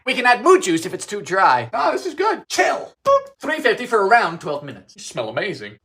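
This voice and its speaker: A young Bermudian man with a Bermudian accent narrates a comedic baking video at a slightly fast clip. His style is theatrical and campy, jumping between sudden high squeals and deadpan asides.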